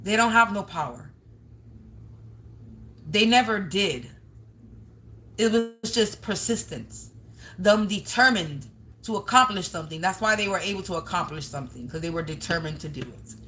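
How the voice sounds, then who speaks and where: A bright-toned woman runs a confrontational livestream as a tarot reader. She scolds her viewers bluntly, curses freely and gets louder when she makes her point. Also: medium pitch, lively intonation, moderate pace, long pauses, slight background noise. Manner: blunt, scolding, swears often, raises voice at times.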